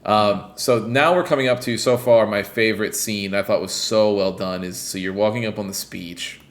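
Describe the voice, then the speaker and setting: A man co-hosting a casual podcast chat, telling a story with animated energy and swearing freely. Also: on the low side, moderate pace. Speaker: podcast co-host. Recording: roomy echo.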